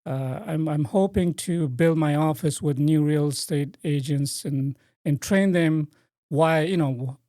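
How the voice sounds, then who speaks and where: A man answering questions as a guest on a radio interview, speaking in a halting way with frequent pauses and restarts. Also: fairly high pitch, mellow, dry recording, clean studio sound. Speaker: real estate broker, guest.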